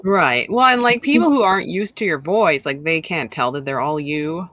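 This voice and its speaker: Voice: medium pitch, expressive, moderate pace, sharp tone, no echo. A co-host chats loosely, dropping plenty of fillers into a casual conversation. The sound is close and dry. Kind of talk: casual online chat.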